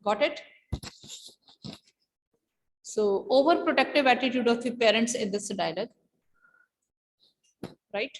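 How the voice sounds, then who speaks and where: A woman teacher with an Indian English accent explains a text to her class and often pauses on fillers and questions. Her voice is high. A long, roomy reverb hangs around every phrase. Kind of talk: classroom literature lesson. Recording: echoey reverberant room.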